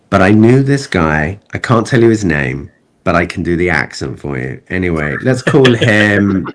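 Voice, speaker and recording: A man, a film director, telling stories in a casual interview and acting out the people in them. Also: sits low. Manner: animated storyteller who acts out other people.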